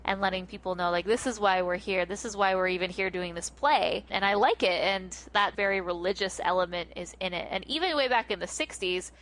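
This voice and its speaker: A woman's voice: medium pitch, fairly quick, hardly any pauses. A woman co-hosting a podcast, casually retelling a holiday cartoon with lots of laughs, acting out little bits of the scenes. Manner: animated, giggly storyteller who acts out scenes. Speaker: podcast co-host. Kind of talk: casual chat recapping a film.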